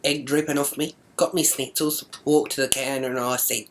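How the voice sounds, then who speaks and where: Low-voiced, foul-mouthed Australian woman. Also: fairly even intonation, moderate pace. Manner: coarse, swears constantly, indignant. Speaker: vlogger. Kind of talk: ranting comic storytelling to camera.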